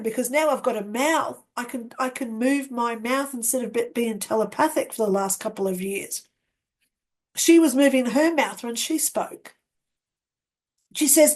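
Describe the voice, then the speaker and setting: A woman telling her near-death experience in a slow, earnest way, acting out the dialogue she remembers. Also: high voice, a little mellow. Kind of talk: personal storytelling. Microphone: webcam setup with ring light.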